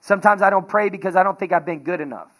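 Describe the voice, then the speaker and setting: A man preaching a sermon as pastor, energetic and conversational, telling everyday stories with laughter. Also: high-pitched, very fast.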